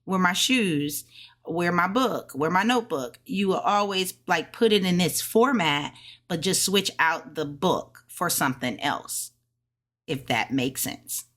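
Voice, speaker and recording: Slow, low-voiced woman thinking aloud. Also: expressive, fairly bright tone. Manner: thinks aloud, self-correcting, sounds out tones slowly. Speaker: language learner sharing study notes. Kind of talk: casual study vlog lesson.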